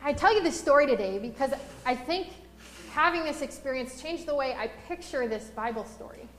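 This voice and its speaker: A woman pastor giving a sermon, telling a personal story and slowing down to read scripture aloud. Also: high voice, expressive, fairly bright tone. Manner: storytelling, slows for scripture reading. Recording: roomy echo.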